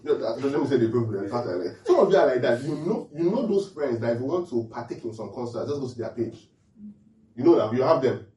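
A man's voice: mid-range voice, fast talker, reverberant, far from the mic, highs cut off. A man preaching a humorous sermon, laughing often and checking in with his listeners. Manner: animated, laughing often, asks the audience questions.

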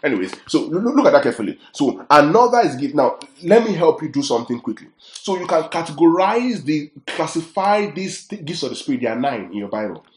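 A man's voice: on the high side, darkish tone. A man teaching a sermon, emphatic and often checking that his listeners follow. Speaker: preacher. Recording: echoey room.

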